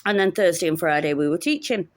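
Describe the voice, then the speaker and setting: Wry woman, low voice. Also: animated, fast talker, dry recording. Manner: wry, sarcastic storytelling. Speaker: teacher. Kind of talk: casual vlog storytelling.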